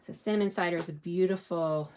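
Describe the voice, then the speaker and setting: A woman's voice: lowish voice, brisk, noisy background. A woman hosting a live card-stamping demonstration, chatty and friendly, thinking aloud as she works.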